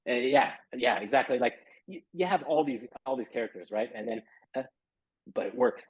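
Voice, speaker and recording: A man's voice: mid-range voice, expressive, normal speed, husky, dry recording, low-quality recording. A man talking casually as a guest in an interview, rambling and filling his talk with "you know" and "right?". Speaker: podcast guest, SEO marketer.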